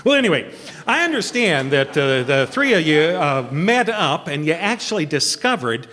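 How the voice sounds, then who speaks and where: A man's voice: on the high side, sing-song, moderate pace, bright, forceful tone, big-room sound. An actor playing a bumbling, eager reporter in a live stage comedy sketch, stammering and fumbling his words. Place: theatre stage.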